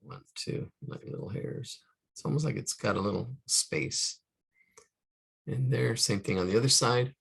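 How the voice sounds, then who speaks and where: A man's voice: mid-range voice, a little slow, vocal fry, a bit bright, husky. A man teaching caricature drawing live, talking through each stroke, counting aloud and trailing off into muttered asides. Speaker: art instructor.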